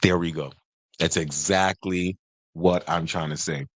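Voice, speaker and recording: A man's voice: low-pitched, measured pace, no echo. A man co-hosting a casual podcast, telling jokes and stories and mimicking how other people talk. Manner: joking, animated storytelling with mimicked quotes. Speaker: podcast co-host. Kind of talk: casual chat.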